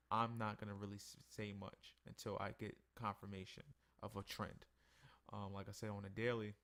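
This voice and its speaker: A tired man going over his trading charts in a casual weekly review, yawning between points. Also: fairly low pitch. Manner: tired, yawning, relaxed and conversational. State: sleepy. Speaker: forex trading analyst. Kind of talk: casual screen-share market review.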